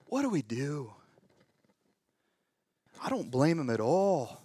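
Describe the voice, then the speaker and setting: A man preaching a sermon in a church, telling a scripture story with humorous asides and big swings between loud and hushed delivery. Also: very animated, slow, slightly rough, no room sound. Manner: dramatic storytelling with wide swings in pitch and volume. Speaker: pastor.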